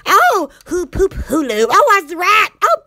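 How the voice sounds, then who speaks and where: Super high-pitched lady rambling to her live viewers, all excited and gushing. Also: a little slow. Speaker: live-stream host chatting with viewers. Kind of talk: rambling casual chat.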